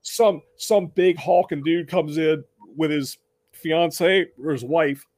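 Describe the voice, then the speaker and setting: Male podcast host, slightly high, dry close sound; casual storyteller, animated, restarts often. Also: slow, dry recording. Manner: animated, acts out other people in raised voices; conversational with frequent restarts.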